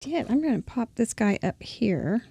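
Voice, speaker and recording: A woman's voice: a little high, very animated, moderate pace, vocal fry, mellow, breathy edge, dry recording. A woman hosting a live crafting show, chatting casually while she works and laughing often. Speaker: host.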